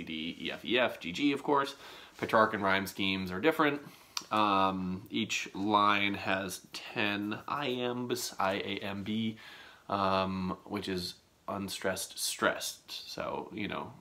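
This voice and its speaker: Teacher guy chatting about a poem, slow and umm-y, kinda lowish but bright voice. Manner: halting, many ums and restarts; slow, relaxed delivery. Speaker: high school English teacher. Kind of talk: casual poetry lesson and reading.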